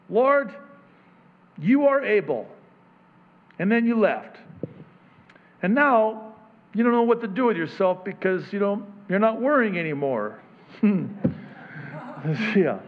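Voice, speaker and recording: A male pastor preaching a conversational sermon, swinging between loud emphatic peaks and soft low murmurs, chuckling at his own asides. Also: very animated, normal speed, long pauses, phone-quality sound.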